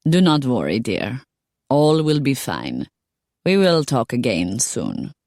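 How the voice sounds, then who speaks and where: A woman voicing a calm older woman with a foreign accent who speaks in a soothing, measured way. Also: a bass voice, no room sound, studio quality, full character voice.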